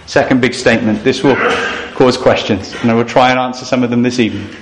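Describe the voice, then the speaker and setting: A man's voice: medium pitch, level tone, fast talker, few pauses. A man preaching a sermon at a family camp, earnest and storytelling, using rhetorical questions. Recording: echoey room, faint noise.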